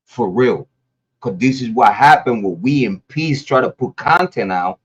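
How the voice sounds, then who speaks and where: A man's voice: mid-range voice, expressive, measured pace, breathy edge. A man from Ohio giving an angry, profane rant to the camera as a YouTube commentator, often stumbling and repeating words. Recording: dull lo-fi audio.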